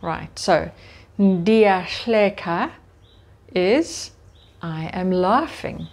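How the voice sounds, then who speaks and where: Very slow, deliberate woman teacher. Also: on the low side, animated, a little mellow. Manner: drills each word slowly, then gives its meaning. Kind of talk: slow, deliberate vocabulary lesson.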